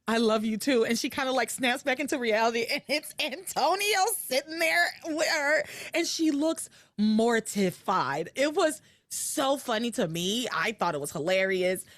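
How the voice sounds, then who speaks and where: A woman hosting a podcast, recapping episodes in casual chat with animated storytelling and frequent laughter. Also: fairly high pitch, unhurried, dry recording. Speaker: podcast host.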